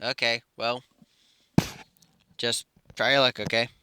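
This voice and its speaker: A man voicing a calm, confident young male hero who speaks matter-of-factly. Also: medium pitch, slow pace, smooth.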